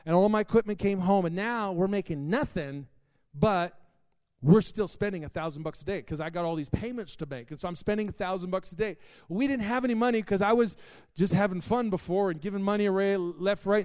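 Guy with a high voice preaching his testimony, goes quiet then loud, real emotional. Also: smooth. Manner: emotional storytelling that swings from hushed to loud, exclaiming. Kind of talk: testimony sermon to a congregation.

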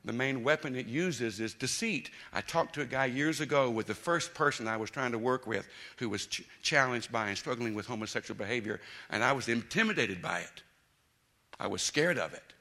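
A man preaching a sermon, emphatic, dropping to quiet intensity and rising to loud bursts. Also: mid-range voice, expressive, a little fast.

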